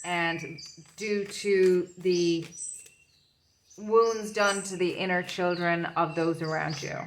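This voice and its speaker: Low-voiced woman giving a tarot reading. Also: fairly even intonation, slow, slight background noise. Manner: rambling, searching for words. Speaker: tarot reader.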